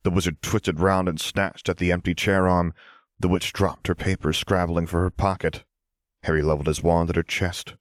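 Deep-voiced male audiobook narrator. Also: little pitch movement, moderate pace, no room sound, clean studio sound.

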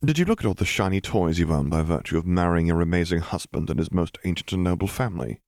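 A man's voice: low-pitched, expressive, fast, vocal fry, a little mellow, dry recording, studio quality. A man voicing a young wizard husband who jokes with wry understatement and apologizes sheepishly, read as an audiobook character.

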